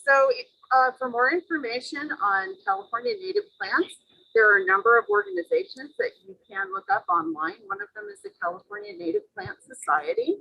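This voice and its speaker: A woman giving halting remarks on a panel as a guest, with many pauses and fillers. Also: expressive, gravelly, no room sound, dull audio. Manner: halting, many fillers, pitch swooping widely. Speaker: guest speaker on native plants.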